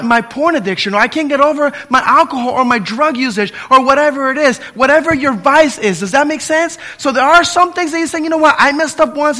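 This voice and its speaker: A pastor in his fifties delivers an impassioned sermon in a very high-pitched voice. He swings between loud appeals and hushed pleading.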